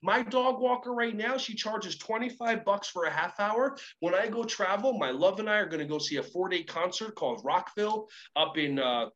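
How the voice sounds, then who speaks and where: A man with a high-pitched voice speaks as a motivational coach. He tells energetic stories and switches between his own voice and the voices of the people he quotes. The audio is a little dull and muffled. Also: moderate pace, hardly any pauses. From Israel. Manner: energetic, acts out both sides of conversations. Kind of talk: animated storytelling talk.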